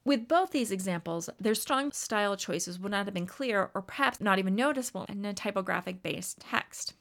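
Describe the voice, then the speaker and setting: A woman instructor narrating a scripted lecture about teaching writing, in a measured academic reading manner. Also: medium pitch, lively intonation, vocal fry, a bit bright.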